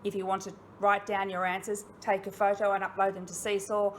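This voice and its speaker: A woman's voice: medium pitch, monotone, a little fast, slight background noise. A woman with an Australian accent, a primary school teacher giving a recorded online lesson to young children. She asks questions and speaks encouragingly and expressively, straight to her pupils.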